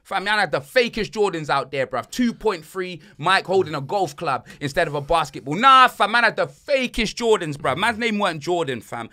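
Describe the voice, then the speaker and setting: Animated high bright bloke. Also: male voice, normal speed, few pauses. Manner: animated, slangy, swings loud and soft. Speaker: podcast host. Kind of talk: casual banter podcast.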